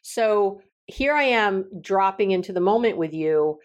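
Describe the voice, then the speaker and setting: Animated woman with lively pitch. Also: a little slow. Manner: animated storytelling, acts out quoted dialogue. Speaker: relationship coach and consultant. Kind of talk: podcast advice talk.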